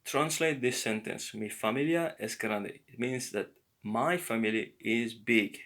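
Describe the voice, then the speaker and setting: A man giving a slow, patient beginner language lesson, explaining words one by one. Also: medium pitch, fairly bright tone. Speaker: language teacher.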